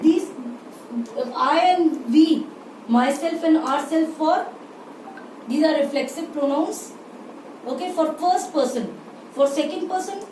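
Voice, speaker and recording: Slow, high-voiced woman teaching grammar. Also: mellow. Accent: Indian English. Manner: spells words out letter by letter and repeats key terms. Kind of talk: slow explanatory grammar lesson. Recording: roomy, distant mic with faint ambient noise.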